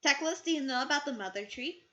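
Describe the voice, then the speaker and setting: Woman player, high, bright and animated, childlike in-character questioning. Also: fast talker, dull audio. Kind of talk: in-character role-play.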